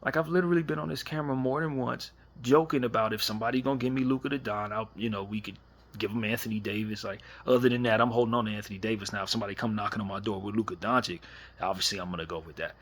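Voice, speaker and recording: A man's voice: medium pitch, fast, vocal fry, fairly bright tone, slight background noise. A man hosting a casual late-night fan chat on camera, talking animatedly and rhetorically, often repeating himself. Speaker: fan commentary host.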